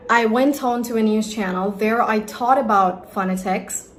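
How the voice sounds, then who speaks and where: Lively young woman telling her story. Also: fairly high pitch, moderate pace. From India. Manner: emphatic, lively, direct advice to viewers. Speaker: accent coach. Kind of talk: personal storytelling vlog.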